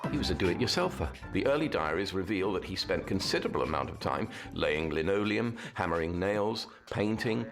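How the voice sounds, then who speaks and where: A man's voice: low-pitched, animated, fairly quick, few pauses, soft background music. A man narrating a documentary in a scripted way, with dry, wry humour.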